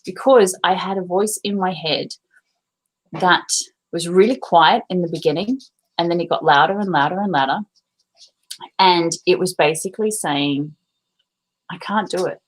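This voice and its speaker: A woman speaks in a slightly low voice during a casual live stream. She is open and confessional, clears her throat often and lets the odd swear word slip. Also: moderate pace, pauses often, poor audio. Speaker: vlogger.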